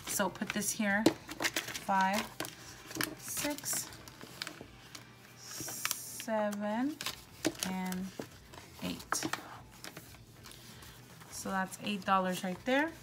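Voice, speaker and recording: A woman vlogger chatting casually while counting cash out loud, excitable and upbeat. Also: medium pitch, drawn-out words, long pauses, background noise. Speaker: budgeting vlogger.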